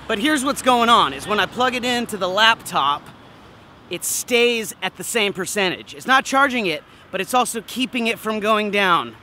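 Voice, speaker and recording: A man's voice: high-pitched, lively intonation, normal speed, sharp tone, a little hiss or hum. A young man narrates his travels to camera in a casual vlog style. He is upbeat and chatty, and he talks straight to his viewers as he goes. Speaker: travel vlogger.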